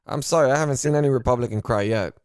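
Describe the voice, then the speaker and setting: A man's voice: medium pitch, very fast, a little mellow, smooth, dry recording, clean studio sound. A man from Miami hosting a casual political podcast, talking in a blunt, unfiltered and profane way. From Miami, United States. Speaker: podcast host.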